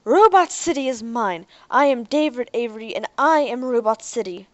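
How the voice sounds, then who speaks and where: A woman's voice: mid-range voice, expressive, fairly quick, no echo, highs cut off, natural voice. A woman voicing a young man who turns from frightened and angry to commanding, in an audiobook. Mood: triumphant.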